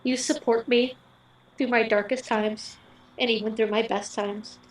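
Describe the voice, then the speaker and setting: A young woman, the bride, reading her wedding vows in a heartfelt, earnest way, pausing between short phrases. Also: a little high, fairly even intonation. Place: wedding ceremony venue. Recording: echoey, picked up from a distance.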